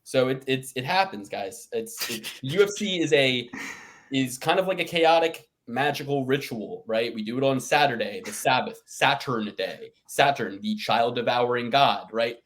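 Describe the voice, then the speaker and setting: A man's voice: mid-range voice, expressive, normal speed, a bit bright. A man co-hosting a podcast, rambling in a casual chat and swearing often as he rants. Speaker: podcast co-host.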